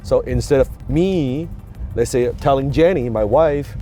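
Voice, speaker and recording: A man's voice: medium pitch, moderate pace, a little mellow, soft background music. A man with a non-native English accent gives an emphatic motivational talk, repeating key words and asking rhetorical questions. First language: not English. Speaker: business and communication coach.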